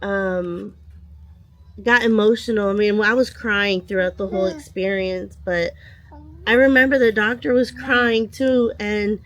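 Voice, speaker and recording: A woman with a slightly nasal voice from a cold, talking casually as a vlogger and telling a story with many pauses and restarts. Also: medium pitch, fairly bright tone, muffled recording. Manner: hesitant, restarts and trails off. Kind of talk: casual chat.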